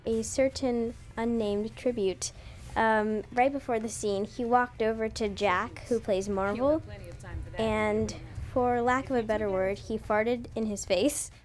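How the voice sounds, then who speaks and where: A young woman, an actress, telling a set anecdote in a measured, slightly coy way. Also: fairly high pitch, steady tone. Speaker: young actress interviewed about filming. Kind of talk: casual interview.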